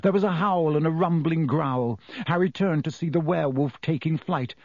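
A man reading an audiobook aloud as narrator, with dramatic shifts between slow and quick delivery. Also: on the high side, darkish tone, dry recording. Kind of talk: scripted narration.

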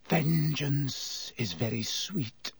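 A man voicing a cold, vengeful male schoolteacher with a silky, contemptuous, slow menace. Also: a little high, very animated, husky, no room sound, voice pushed up, full character voice. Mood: menacing whisper.

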